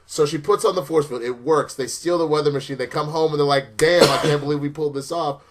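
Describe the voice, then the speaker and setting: A man's voice: on the high side, fairly even intonation, fast, a little hiss or hum. A man co-hosting a casual comedy review show, retelling a cartoon episode with profane acted quotes. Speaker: show co-host.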